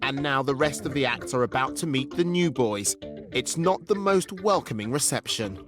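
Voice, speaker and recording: Man, wry playful narration, music loud underneath, lively delivery. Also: mid-range voice, normal speed. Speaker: documentary narrator. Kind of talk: scripted narration.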